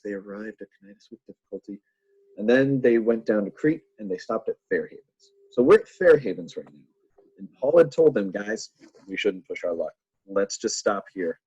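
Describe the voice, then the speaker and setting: Playful husky-voiced man teaching a Bible lesson. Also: mid-range voice, mellow, no echo, highs cut off. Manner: playful, jokey asides to the audience.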